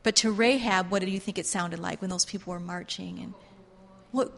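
A woman's voice: fairly low pitch, fairly even intonation, a little fast, gravelly, fairly bright tone. A woman teaching a Bible class in a fervent, repetitive preaching style. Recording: long hall reverb.

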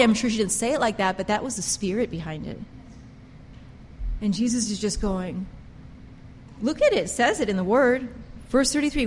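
A woman preaching a sermon with passion, pressing her points hard and swinging between loud emphasis and quiet intensity. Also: medium pitch, expressive, normal speed, in a large hall. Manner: impassioned, emphatic, rises and drops sharply in loudness.

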